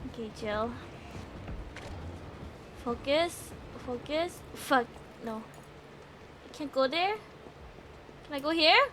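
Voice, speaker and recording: A woman streaming a horror game live, excitable, yelping, swearing and laughing as she plays. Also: sits high, slow pace, long pauses, noisy background. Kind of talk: live gaming stream commentary.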